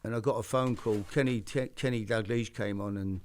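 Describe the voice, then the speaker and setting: An older man hosts a chat show, rambling through stories with many restarts in a casual storytelling chat. His voice is lowish and darkish in tone, fairly quick, with fairly even intonation.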